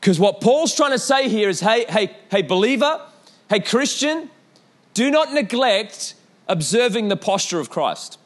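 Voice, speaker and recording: A young male pastor preaches with lively energy. He calls out to the congregation again and again and breaks into stories along the way. His voice sits a little higher than most men's. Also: a little slow. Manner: animated preaching with repeated calls and storytelling asides. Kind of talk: sermon.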